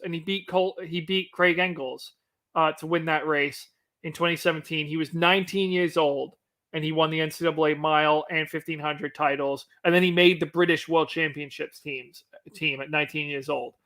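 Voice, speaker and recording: A man's voice: fairly high pitch, little pitch movement, fairly quick, fairly bright tone. A man co-hosting a casual sports recap, reeling off results and details like an analyst. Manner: detail-heavy, stats-reciting analyst. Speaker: co-host.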